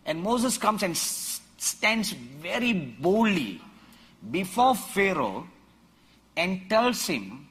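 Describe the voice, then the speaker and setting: A man preaching a sermon, acting out biblical quotes and building to loud, shouted emphasis, with a husky voice. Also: a little high. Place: church or conference hall.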